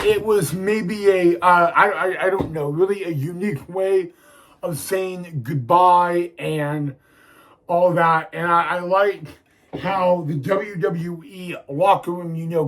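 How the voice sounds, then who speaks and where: A young man hosting a wrestling vlog, talking haltingly to viewers with many restarts and near tears. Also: sits high, low-quality recording. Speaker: wrestling video host. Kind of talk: casual vlog talk to viewers.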